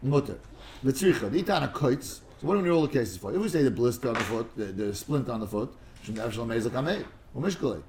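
Fast and full of lively intonation, a man with a darkish mid-range voice runs a relaxed study class, digressing freely and tripping on repeated words while weaving in Hebrew and Aramaic terms. A little hiss or hum is audible.

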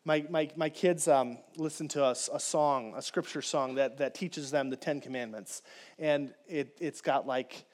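A man preaching a conversational, animated sermon as a pastor, speaking directly to his congregation. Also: fairly high pitch, moderate pace.

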